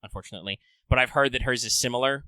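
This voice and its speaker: A man co-hosting a casual gaming podcast, animated and swearing freely, acting out character lines. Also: mid-range voice, racing, dry recording. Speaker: podcast co-host.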